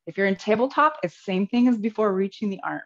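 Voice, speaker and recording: A woman's voice: medium pitch, quick pace. A woman yoga teacher cueing poses step by step in a live class, a little out of breath and laughing at her own slips. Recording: slightly dull lo-fi audio.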